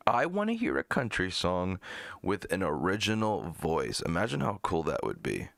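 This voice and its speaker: A man's voice: sits low, huge pitch swings, moderate pace, vocal fry, fairly bright tone, dry recording, clean studio sound. A man hosting a live music-review stream, talking bluntly and profanely with mocking asides. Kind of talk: casual live-stream chat.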